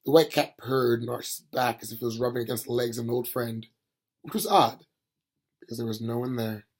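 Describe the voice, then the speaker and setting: A man reading a fantasy novel aloud in an amateur audiobook reading, steady and plain with small slips. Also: medium pitch, fairly quick. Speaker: reader.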